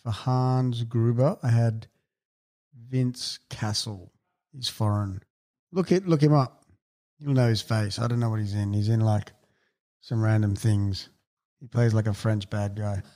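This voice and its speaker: A man co-hosting a podcast, making dry, deadpan jokes while reviewing a movie. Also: on the low side, measured pace. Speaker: podcast co-host. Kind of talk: casual movie review chat.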